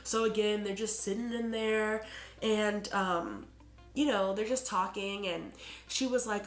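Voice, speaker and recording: A woman's voice: mid-range voice, fairly even intonation, measured pace, faint music behind. Chatty woman recapping a TV episode. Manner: chatty, heavy on "like" and "you know". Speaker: TV episode reviewer. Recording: roomy echo.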